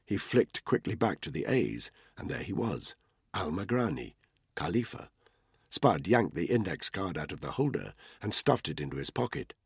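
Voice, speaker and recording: Telling the story as scripted narration, this male audiobook narrator keeps a tense, measured delivery. His very deep, husky voice moves lively up and down, recorded close and dry with no echo or room sound.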